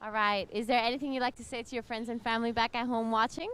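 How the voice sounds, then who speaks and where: A woman interviewing a surfer on the beach with upbeat, brisk questions. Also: a little high, steady tone, a bit bright, clear, resonant tone. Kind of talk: post-heat interview.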